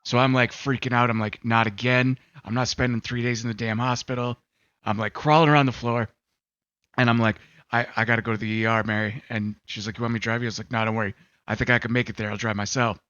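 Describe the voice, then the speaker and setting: Talking fast in a mid-range, fairly bright voice with fairly even intonation, a man co-hosts a gaming talk show. His podcast banter is loose storytelling, heavy on fillers and acted-out quotes. There's no echo, though the sound is slightly dull and faint music plays.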